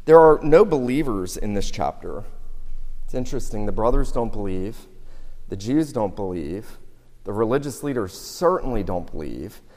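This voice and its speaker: A man preaching a sermon with earnest intensity, surging loud on key lines and dropping low in between. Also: expressive, normal speed. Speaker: pastor. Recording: long reverb of a large hall.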